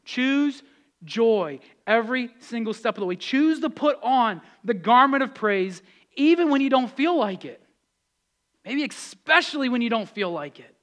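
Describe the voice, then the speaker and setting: A man's voice: very high voice, expressive, normal speed, fairly bright tone. A middle-aged man preaching a sermon as pastor, exhorting and repeating key phrases with conversational asides to the congregation.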